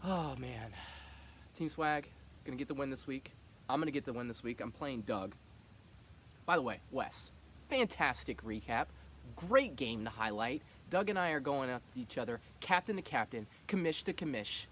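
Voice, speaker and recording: A man's voice: medium pitch, a bit bright, slight background noise. A man running a fantasy football league, talking casually and teasing the other players with cocky trash talk.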